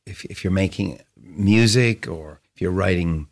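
A man's voice: low-pitched, a little slow, vocal fry. A man, a musician guest in an interview, talking reflectively and searching for words with frequent restarts. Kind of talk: casual interview conversation.

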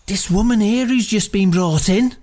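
A man's voice: high-pitched, moderate pace, a little mellow. A man playing a crude, boastful fake psychic in improvised comedy, swearing freely. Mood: brash, crude. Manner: swearing, brash, mock-mystical. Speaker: comic psychic character.

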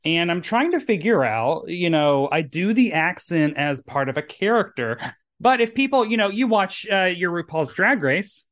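A man's voice: high voice, big pitch swings, normal speed, a bit bright. A man from Tennessee with a Southern accent, hosting a podcast in a campy, rambling drag persona. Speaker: podcast host. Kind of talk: casual chat.

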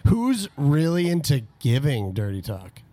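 Joking man with a lively voice. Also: a little high, unhurried. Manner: joking, teasing interjections. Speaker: podcast co-host. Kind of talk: casual chat.

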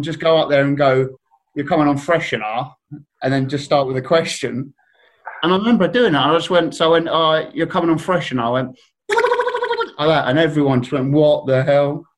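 A man's voice: on the high side, low-quality recording. A man from Surrey, a guest on a casual podcast, telling stories and acting out other people's voices. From Surrey, England.

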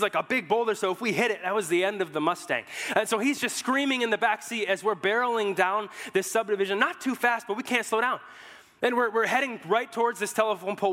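Man, young adult, pastor, sermon, high voice, joking storyteller, headset mic, long church reverb. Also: quick pace, pushed and bright. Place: church hall.

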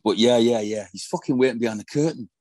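A man's voice: medium pitch, quick pace, warm tone, no room sound. A middle-aged man, a former footballer telling profane anecdotes in a casual interview. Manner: profane, storytelling, swears constantly.

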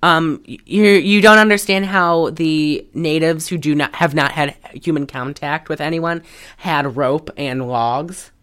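A woman with a low voice talks through a movie's plot in a casual podcast chat. She tells the story in an animated way and fills it with "like.". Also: measured pace, smooth. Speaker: podcast co-host. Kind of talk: casual film recap chat.

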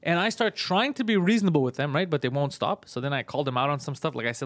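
A man casually telling a story on a podcast, fast, profane and animated. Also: on the high side, no room sound. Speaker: podcast host, comedian.

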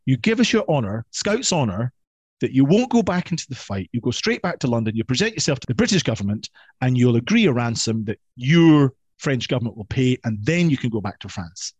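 A man voicing brisk British army captors laying out their terms in a matter-of-fact way. The voice sits close and dry, in a mid register. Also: medium pitch, big pitch swings, darkish tone, breathy edge, no echo.

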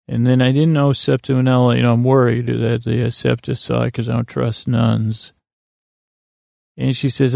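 A man's voice: flat delivery, normal speed, vocal fry, mellow, dry recording, studio quality. A man hosting a podcast, casually recapping a TV episode in a meandering, mumbling way with many fillers and restarts. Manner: mumbling, low-key delivery. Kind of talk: casual sleepy recap, paraphrasing scenes.

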